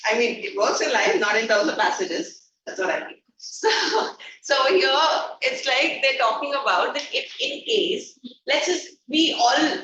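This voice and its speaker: A woman's voice: high-pitched, sing-song, a little slow. A woman with an Indian English accent teaching an online class, quizzing students and slipping into Hindi phrases. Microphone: video call. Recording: echoey, distant, noisy call audio.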